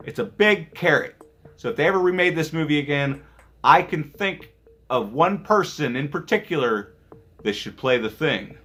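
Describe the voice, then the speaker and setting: A man's voice: mid-range voice, pushed and bright. A man casually reviewing an old movie on his vlog, rambling and joking with profane asides.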